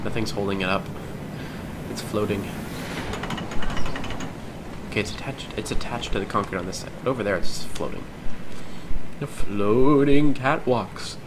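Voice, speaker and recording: A man's voice: fairly low pitch, fairly even intonation, normal speed, long pauses. Young ohio guy chatting on a coaster sim stream, laughs a lot, lots of noise behind. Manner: chatty, rambling, laughs often. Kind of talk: casual live-stream commentary. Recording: loud background noise.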